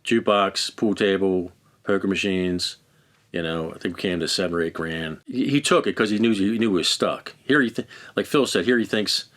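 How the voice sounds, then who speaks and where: A man's voice: low-pitched, moderate pace, a bit bright. A middle-aged man bluntly recounting his own past in a candid interview, swearing freely and acting out the arguments he describes. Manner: blunt, heavily profane, acts out quoted exchanges. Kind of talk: candid first-person storytelling.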